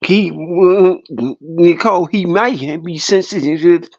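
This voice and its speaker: Man, guest minister, slow and measured, fairly high voice, dry dull call audio. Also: darkish tone, no room sound. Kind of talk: casual livestream chat.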